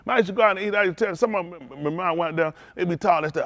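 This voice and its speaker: A man preaching a sermon as pastor, telling stories with lively calls out to his congregation. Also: high-pitched, racing, no echo.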